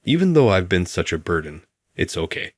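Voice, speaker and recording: A man voicing a struggling young female coworker who speaks softly and apologetically. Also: low-pitched, very animated, brisk, no room sound, clean studio sound, exaggerated voice. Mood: tearful. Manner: apologetic, soft-spoken. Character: struggling young woman coworker, timid and tearful.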